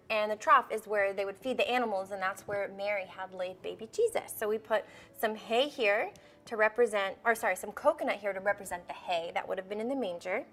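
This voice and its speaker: A woman's voice: on the high side, a bit bright. A young woman hosting a live baking show for kids, bubbly and coaxing as she talks straight to the children at home. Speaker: host of a kids' baking show. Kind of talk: live cooking demonstration for kids.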